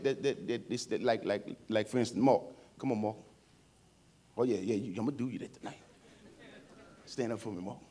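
A man preaching a sermon in a church service. He talks informally and emotionally, swinging from quiet and tender to loud calls to the congregation, with playful asides. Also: medium pitch.

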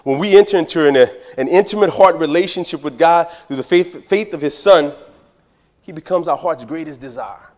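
A man's voice: a little high, moderate pace, a little mellow. A man, preaching a sermon in a conversational, joking way that speaks straight to the congregation. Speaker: pastor.

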